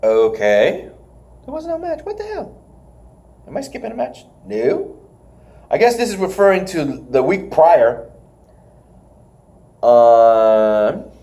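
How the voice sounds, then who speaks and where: Excitable young man with a lively voice. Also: slow, long pauses. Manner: excitable, laughs often, mimics wrestlers in a high squeal. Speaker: podcast co-host reviewing wrestling. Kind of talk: casual recap chat.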